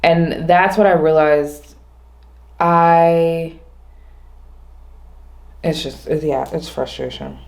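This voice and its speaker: Low-voiced woman musing out loud. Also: lively intonation. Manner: rambling, restarts often, slows on key points. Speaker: vlogger. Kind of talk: casual reflective monologue.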